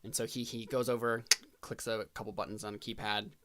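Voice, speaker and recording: A man narrating as game master in a tabletop role-playing game, halting and filling pauses as he describes scenes. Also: lowish voice, little pitch movement, a bit bright. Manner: halting, full of fillers and restarts.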